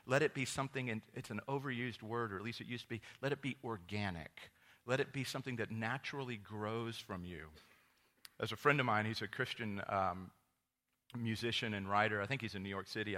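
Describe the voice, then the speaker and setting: A man preaching a sermon as pastor, telling stories with lively quoted voices that jump high and loud. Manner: storytelling with animated quoted voices, rising to loud high exclamations.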